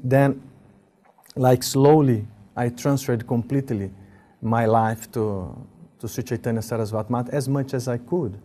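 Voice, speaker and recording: A man with an Italian accent, a guest recalling his life with his teacher, speaking in halting, repeated starts with a laugh now and then. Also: mid-range voice, steady tone, mellow. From Italy. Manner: halting, restarts often, laughs as he tells stories. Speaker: interview guest. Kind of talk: casual spiritual reminiscence.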